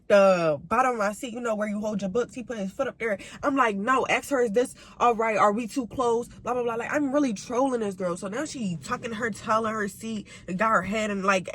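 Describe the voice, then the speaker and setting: A young woman telling a casual storytime on her vlog, slangy and animated, her voice swinging between high and low. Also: husky. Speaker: vlogger.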